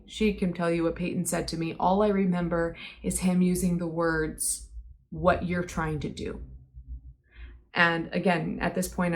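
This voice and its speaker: A young woman telling her side of a falling-out in a personal vlog, earnest and hesitant with many pauses. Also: lowish voice. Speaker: vlogger.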